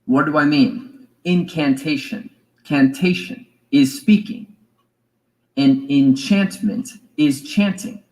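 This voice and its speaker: Slow, musing man lecturing. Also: fairly high pitch, a little mellow, rough recording. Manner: slow, deliberate, musing, with fillers and asides. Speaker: spiritual teacher. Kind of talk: reflective lecture.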